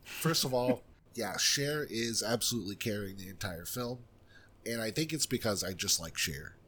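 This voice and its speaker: A man's voice: fairly low pitch, expressive, moderate pace, sharp tone, husky. A man co-hosting a film podcast, chatting casually and giving blunt, opinionated takes on a movie. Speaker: podcast co-host reviewing films. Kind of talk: casual chat.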